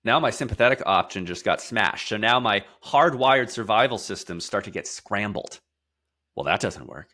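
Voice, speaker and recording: A man guest in an interview, explaining emphatically, stacking lists of words and repeating key phrases. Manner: drops to a quieter, slower, lower delivery for heavy points. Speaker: podcast guest, somatic therapist.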